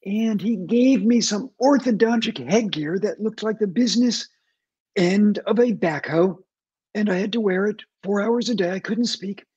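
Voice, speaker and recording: A man in his sixties with a husky voice, a guest author telling wry anecdotes over a video call. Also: sits high, moderate pace, dark tone, lo-fi sound. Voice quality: husky post-covid voice. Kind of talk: interview storytelling.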